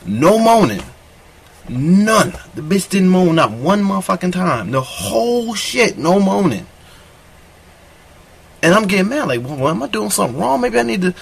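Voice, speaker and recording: A man's voice: high-pitched, sing-song, normal speed, vocal fry, slightly rough. A man doing a crude comedic monologue, telling a rambling, profane story in a boastful tone.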